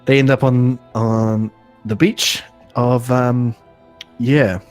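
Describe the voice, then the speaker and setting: A man recapping an episode on a casual podcast, halting, full of ums and restarts, laughing often. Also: medium pitch, fairly even intonation, darkish tone, soft background music. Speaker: podcast host.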